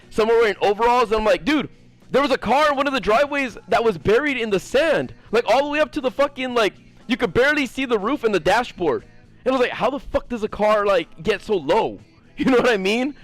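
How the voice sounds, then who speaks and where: A man tells a long, meandering story to his viewers in a high, animated voice, loaded with fillers and casual swearing. Faint music plays behind him. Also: no echo. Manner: rambling, profane, lots of fillers. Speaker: gaming streamer.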